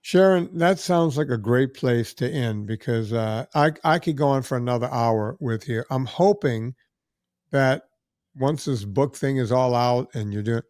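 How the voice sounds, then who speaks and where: A male podcast host who chats casually and rambles through his plugs. His voice is mid-pitched and sounds dry and close to the mic. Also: unhurried, a little mellow, dry recording.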